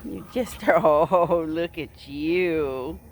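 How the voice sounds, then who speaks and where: A woman on her small farm, filming on her phone as she coos and dotes over her turkeys, slipping into soft laughs and whispers. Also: low voice, drawn-out words, a little hiss or hum. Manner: cooing and doting, breaking into soft laughs and whispers. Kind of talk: casual talk to her animals on camera. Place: outdoors on a farm among poultry.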